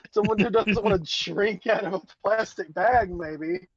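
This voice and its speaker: A man co-hosting a stream, chiming in with deadpan wisecracks. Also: sits high, unhurried, husky, dry recording. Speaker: co-host. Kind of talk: casual chat on a stream. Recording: dry, dull lo-fi mic.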